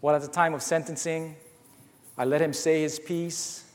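A man's voice: on the high side, fairly even intonation, moderate pace, big-room sound. A man, a former judge, preaching a sermon and earnestly telling a personal story, acting out the dialogue.

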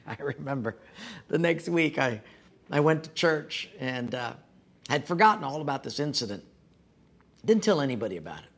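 A man's voice: mid-range voice, very animated, normal speed, vocal fry, pauses often, fairly bright tone. A middle-aged male pastor preaching a sermon, telling a personal story with folksy, self-deprecating humor.

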